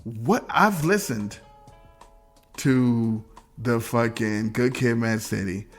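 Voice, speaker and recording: A man's voice: mid-range voice, slow, faint music behind. A man talking as a podcast guest in casual chat, ranting animatedly with lots of swearing and mimicking other people mid-story.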